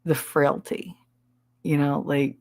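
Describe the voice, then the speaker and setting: Gravelly, blunt New Jersey woman. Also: low voice, level tone, slow pace, darkish tone, no echo. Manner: blunt, abrasive, heavy cursing. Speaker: livestream host. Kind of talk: casual livestream chat reading comments.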